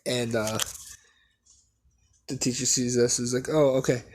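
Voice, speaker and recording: A man casually retelling a fan story, halting often with fillers and restarts. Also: mid-range voice, little pitch movement, slight background noise.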